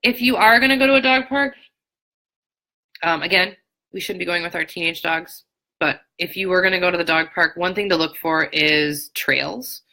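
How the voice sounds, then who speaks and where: Frank, chatty woman, low and bright. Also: moderate pace, poor audio. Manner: frank, chatty, many fillers and restarts. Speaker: dog trainer. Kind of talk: live Q&A chat. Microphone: phone or webcam on a live stream.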